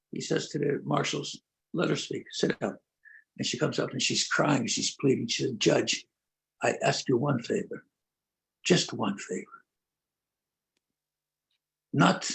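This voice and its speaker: An older man, a rabbi, telling stories in an earnest conversational talk, pausing and restarting often. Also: mid-range voice, vocal fry. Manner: earnest storytelling with many pauses and restarts. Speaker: rabbi and prison outreach leader.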